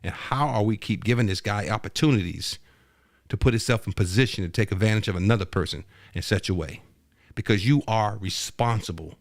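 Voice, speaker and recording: A man's voice: fairly low pitch, quick pace, no echo. A man hosting a podcast from his home studio, giving a heated, profane commentary in an emphatic voice. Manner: profane, heated and emphatic, rising to near-shouting; subdued, hesitant and soft-spoken. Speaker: podcast host. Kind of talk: angry commentary rant. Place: home dining room studio.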